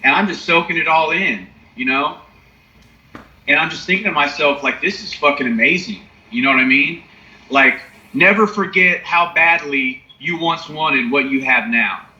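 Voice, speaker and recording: A young podcast co-host tells a personal recovery story in casual, profane chat, often asking "you know what I mean?". His voice is a little high, bright and forceful, at normal speed. The recording is echoey, with a dull lo-fi sound.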